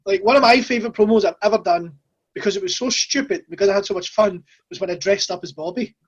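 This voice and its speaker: A woman's voice: mid-range voice, slightly rough. A woman with a Scottish accent hosting a casual interview, chatty and joking. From Scotland. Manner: chatty, joking, quick asides. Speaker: host. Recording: dull lo-fi mic sound.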